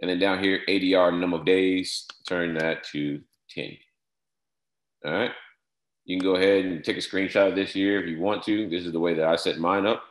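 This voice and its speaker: A man giving a step-by-step software tutorial, repeating short instructions and filling pauses with "all right". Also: sits low, steady tone, echoey room. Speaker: software trainer. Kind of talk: screen-share tutorial walkthrough.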